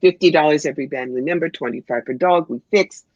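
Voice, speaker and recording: A woman's voice: low voice, fast, a little mellow, no room sound, highs cut off. A woman voicing a greedy fake fortune-teller woman in a put-on bad Russian accent, speaking in clipped broken phrases. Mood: pushy, wheedling.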